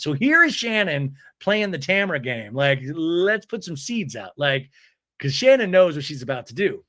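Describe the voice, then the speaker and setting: A man hosting a comedy recap podcast, his fairly high voice bright and ringing as it swings up and down with every quip. He races through the story with crude asides and acts out each quote in a high, mocking voice. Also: sing-song, moderate pace. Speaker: podcast host recapping a reality show.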